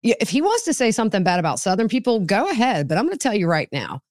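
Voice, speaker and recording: A woman's voice: medium pitch, huge pitch swings, fast, darkish tone, no room sound. Blunt Southern woman, dry close sound. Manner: blunt and opinionated. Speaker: podcast guest. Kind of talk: casual podcast chat.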